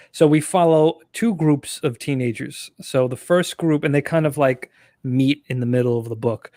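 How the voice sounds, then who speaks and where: Man guest, laid-back storyteller, mid-pitched voice, dry sound. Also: darkish tone, no echo. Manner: easygoing, chuckling, filler-heavy. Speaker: guest writer. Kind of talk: casual interview chat.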